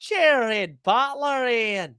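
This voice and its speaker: A man's voice: very high-pitched, animated, slow pace, bright, forceful tone, smooth, no room sound, studio quality, voice pushed up, exaggerated voice. A man putting on an exaggerated stage-Irish accent as a jokey greeting figure. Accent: put-on Irish.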